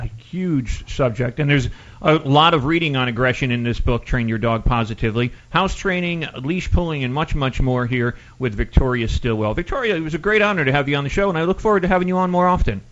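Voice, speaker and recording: A man's voice: medium pitch, fairly bright tone. Chatty male radio host, dull sound. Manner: chatty and rambling. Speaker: radio talk show host. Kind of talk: talk radio chat.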